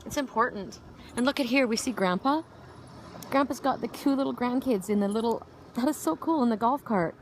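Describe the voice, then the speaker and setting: A woman's voice: fairly high pitch, fairly quick, slight background noise. A middle-aged woman talking casually outdoors in a spiritual vlog, emotional and rambling with many restarts, choked up and tearful. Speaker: spiritual oracle vlogger. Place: outdoors sitting on a woodchip pile by a park.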